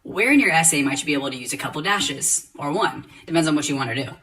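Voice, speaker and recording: A man teaching a writing lesson, explaining grammar and rereading example sentences slowly and deliberately. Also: fairly high pitch, lively intonation, bright, forceful tone, husky, low-quality recording.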